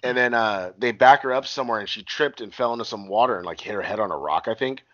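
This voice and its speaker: Quick and sharp, this fairly low-pitched man swears his way through a movie plot, performing the lines as he goes. He's a podcast co-host talking casually, rambling as he retells it. The audio is dull, with no room sound.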